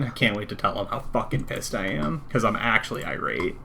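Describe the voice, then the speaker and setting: A man's voice: on the low side, sing-song, fairly quick, vocal fry, few pauses, noisy background. Man ranting and swearing in casual chat. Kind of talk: casual pre-show chat.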